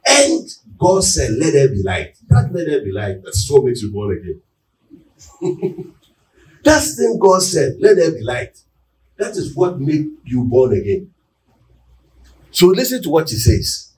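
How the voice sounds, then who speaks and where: A man preaching a sermon, often asking the congregation whether they are with him and building to loud, emphatic peaks. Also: medium pitch, huge pitch swings, a little slow, long pauses. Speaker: pastor. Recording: echoey room, mic at a distance.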